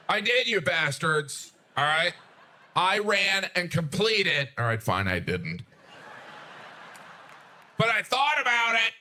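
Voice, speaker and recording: Comedian guy, lively pitch all over, jokes on himself, slightly high voice. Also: moderate pace, some chatter behind, slight background noise. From United States. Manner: animated, self-deprecating, jumps to high outraged acted-out voices. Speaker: stand-up comedian. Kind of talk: stand-up comedy routine.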